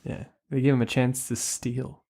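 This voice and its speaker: A woman's voice: a bass voice, little pitch movement, normal speed, creaky, mellow. A woman co-hosting a podcast, cracking crude jokes in casual chat. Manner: wisecracking, crude. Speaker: podcast co-host.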